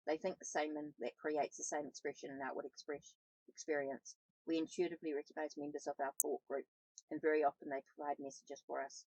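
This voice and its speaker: A woman reading the lines of a perceptive, calm spiritual guide in a storybook, in a plain read-aloud voice with small slips. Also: sits low, brisk, no room sound, poor audio.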